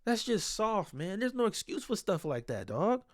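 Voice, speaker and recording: A man's voice: sits high, very animated, moderate pace, no echo, clean studio sound. A man breaking down basketball game film in a casual, exasperated and blunt way, swearing freely.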